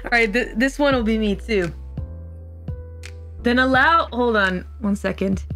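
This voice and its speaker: A woman's voice: fairly high pitch, measured pace, fairly bright tone, soft background music. A woman chatting casually on a stream, joking and teasing. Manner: joking, teasing, laughs often. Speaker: guest streamer. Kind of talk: casual chat during a stream.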